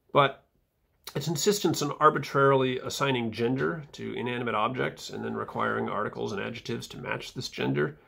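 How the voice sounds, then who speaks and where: A man reading his own footnotes aloud in a casual vlog, dry and wry, with fillers and soft mumbled asides. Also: medium pitch, gravelly, breathy edge.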